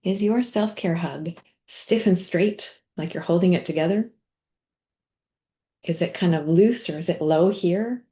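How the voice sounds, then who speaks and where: A middle-aged woman coach leading a guided body practice in a workshop, speaking gently with soft, near-whispered asides. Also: on the low side, a little slow.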